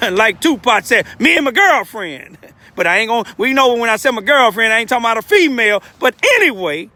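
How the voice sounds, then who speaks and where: Out on a chilly city street, an older self-appointed lay preacher delivers a rambling, emotional testimony full of repeated asides. He speaks with an extremely high pitch, briskly and expressively, in a sharp tone with no echo.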